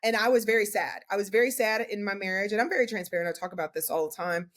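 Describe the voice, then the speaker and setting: Woman in her forties as podcast guest, candid and animated storyteller, mid-pitched voice. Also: fast talker. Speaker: podcast guest, portrait photographer. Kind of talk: casual interview chat.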